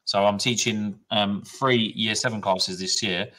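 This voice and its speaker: A man's voice: on the low side, steady tone, a little slow, sharp tone. A man, a history teacher hosting a quiz on an online school call, jokey and enthusiastic. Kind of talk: quiz hosting and casual chat.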